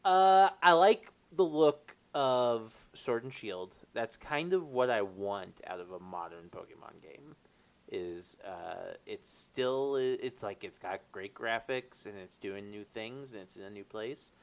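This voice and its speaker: A man with a lowish voice co-hosts a podcast, chatting casually at a slow pace. He laughs often and lets his sentences trail off into fillers.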